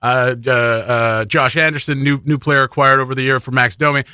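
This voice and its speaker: A man's voice: medium pitch, fairly even intonation, a little fast, bright, forceful tone, clear, resonant tone, no echo, clean studio sound. A man co-hosting a radio show, chatting casually about hockey, chatty with lots of fillers and laughs. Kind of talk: casual sports chat.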